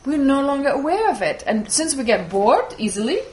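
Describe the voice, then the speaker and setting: A woman whose first language is German explains ideas to a class in a lively, explanatory way, often laughing. Her voice sits fairly high. The room is echoey, with a faint hiss behind her. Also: brisk. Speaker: Buddhist teacher. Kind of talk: teaching with audience Q&A. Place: teaching hall with audience.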